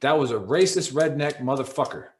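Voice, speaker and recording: A man co-hosting a casual podcast, telling stories bluntly and with plenty of swearing. His voice sits at an ordinary middle pitch, and he keeps the talk loose and conversational. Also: lively intonation, fairly quick. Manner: profane, blunt storytelling. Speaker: podcast co-host.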